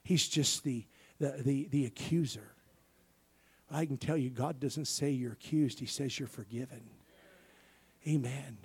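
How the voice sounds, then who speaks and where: Preaching a little slowly, this male pastor has an average-pitched voice that sounds husky and breathy. He moves from forceful outbursts down to quiet near-whispers and asks the congregation for amens throughout.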